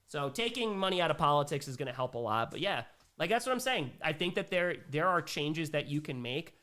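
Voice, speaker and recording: Brief: young male streamer, slightly higher voice, emphatic casual Q&A host. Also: big pitch swings, a little fast, bright, forceful tone. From New York. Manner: reads viewer messages aloud and reacts, emphatic and conversational. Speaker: livestream host. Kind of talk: casual livestream Q&A.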